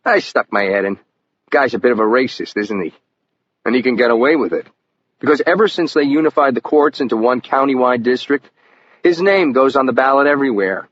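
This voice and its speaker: A man's voice: medium pitch, lightly acted. A man voicing an indignant, blunt investigator. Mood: incredulous. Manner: outspoken, quick to outrage. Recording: muffled lo-fi audio with faint hiss.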